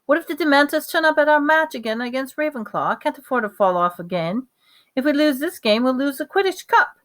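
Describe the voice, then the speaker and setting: A woman's voice: high voice, animated, a little fast, a bit bright, voice pushed up. A woman reading aloud, voicing a determined teenage boy wizard in a raised, urgent voice.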